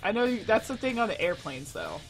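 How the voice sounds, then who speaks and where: A man from the United States gives short, quiet, agreeing replies in a casual chat. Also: sits high, sing-song, brisk. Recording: distant voice under clear music. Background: clear background music.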